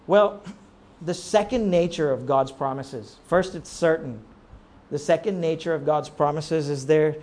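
A male pastor with a high-pitched voice delivers a sermon in a conversational way. He leans on rhetorical questions and moves between quiet reflection and emphatic urging.

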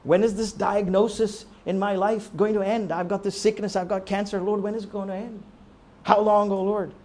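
Male preacher, high voice, impassioned, swings from loud cries to low tones, rhetorical questions. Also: little pitch movement, normal speed. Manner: impassioned preaching, rising to near-shouts, then dropping low; asks the congregation rhetorical questions, often ending with "right?". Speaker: pastor. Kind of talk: sermon.

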